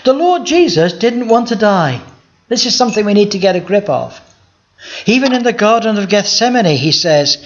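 Male pastor, slightly high voice, emphatic Bible sermon, dull recording. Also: sing-song, normal speed. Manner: emphatic, rhetorical questions to the congregation.

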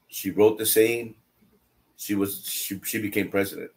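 A middle-aged man telling family stories while teaching a Bible study, animated and repeating phrases for emphasis. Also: fairly low pitch, moderate pace. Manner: animated, repeats phrases for emphasis, jumps between quiet asides and loud quoted lines. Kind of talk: casual storytelling in a Bible study.

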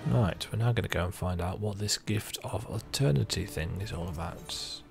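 A man's voice: sits low, moderate pace, vocal fry, over music. A man casually commenting while he streams a story game, with dry offhand remarks. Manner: dry offhand remarks between read-out lines.

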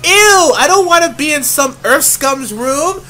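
A woman's voice: sits high, lively intonation, unhurried, loud music behind the voice. A woman voicing a bratty, haughty young female mage from a game, scornful and bossy in her reading.

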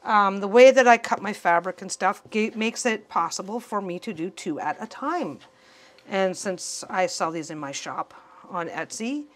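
A woman hosting a casual sewing tutorial, talking in an excitable, rambling way and often repeating herself. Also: medium pitch, a little hiss or hum. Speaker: quilting channel host.

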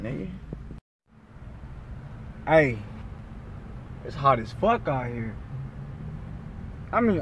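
A young man vlogging from his car in a drive-thru line, talking loud and exasperated, swearing and complaining. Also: a little hiss or hum. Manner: loud, exasperated, swearing, shifts pitch often. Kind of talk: casual vlog rant.

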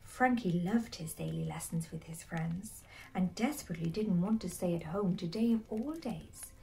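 A woman narrating a bedtime story in a soft, hushed, slow whisper. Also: fairly low pitch, vocal fry, distant mic, rough recording.

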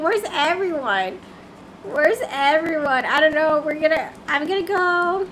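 A woman livestreaming a game in casual chat, excitable and repeating herself in bursts of confused exclamations. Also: sits high, measured pace, slight background noise.

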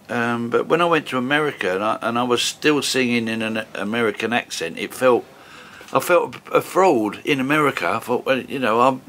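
A man's voice: medium pitch, pushed and bright. A man in his sixties with a Cockney accent, a musician telling stories in a rambling, chatty way with fillers and restarts. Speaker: musician guest. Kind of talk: casual storytelling interview.

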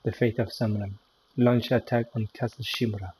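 A man's voice: fairly low pitch, flat delivery, normal speed, darkish tone, breathy edge, rough recording. A man giving casual gameplay commentary, chatty and joking with the game as he plays.

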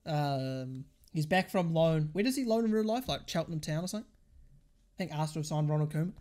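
Young male streamer, volatile and foul-mouthed, pitch that leaps around between shouting and muttering. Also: expressive, a little fast. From England. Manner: swears constantly and rants at the game; swings from shouting outbursts to muttered grumbling. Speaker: gaming streamer. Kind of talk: live gameplay commentary.

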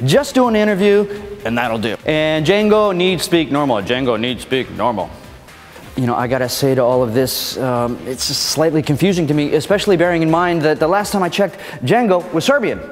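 A man hosts a scripted comedy show in a playful, theatrical way, acting wounded by criticism for laughs. His voice sits a little high for a man. The recording carries a long reverb tail, with music playing underneath. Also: expressive, a little fast. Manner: playful, mock-indignant, theatrical.

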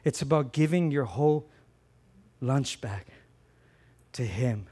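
A middle-aged man preaching a sermon as pastor, passionate, swinging from loud emphatic lines to quiet earnest ones and repeating phrases for emphasis. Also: mid-range voice, lively intonation, takes it slowly, breathy edge.

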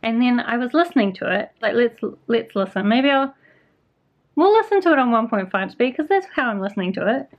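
A woman's voice: fairly high pitch, lively intonation, brisk. A young woman with a New Zealand accent chatting casually about her reading week, self-deprecating and full of fillers. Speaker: book vlogger. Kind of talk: casual vlog chat. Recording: slightly dull lo-fi sound.

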